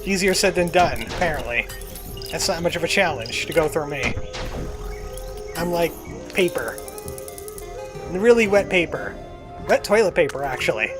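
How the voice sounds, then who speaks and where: A man narrating his own game run in a chatty, self-mocking way, his voice sitting a little higher than most men's. Game music plays clearly underneath him throughout. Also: lively intonation, moderate pace, long pauses. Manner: self-deprecating, chatty, jokey. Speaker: let's play gamer. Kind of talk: casual gameplay commentary.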